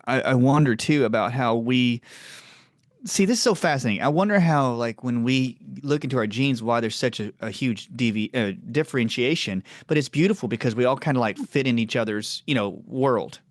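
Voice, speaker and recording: A man from the American South hosting a podcast, chatting in a rambling, animated way and laughing often. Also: a little fast, no echo, clean studio sound. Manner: animated, rambling, laughs often, jumps up in pitch when telling stories. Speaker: podcast host. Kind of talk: casual chat.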